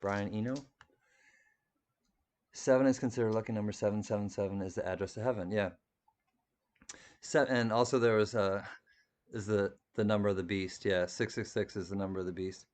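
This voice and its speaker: A man hosting a live stream reads viewer comments in a fairly low, darkish voice with fairly even intonation. He talks briskly but pauses often. The chat is casual and rambling, full of laughs and restarts.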